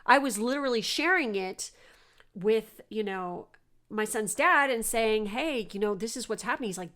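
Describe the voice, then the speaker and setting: A woman's voice: medium pitch, normal speed, a bit bright. A woman from Southern California, telling a personal story to her podcast listeners in a rambling, chatty way full of fillers and the odd swear word. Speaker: podcast host. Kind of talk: casual storytelling monologue.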